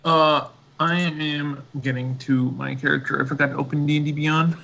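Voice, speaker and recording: Male player, bright husky rasp, slow, jokey. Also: fairly high pitch, little pitch movement, lo-fi sound. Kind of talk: casual chat.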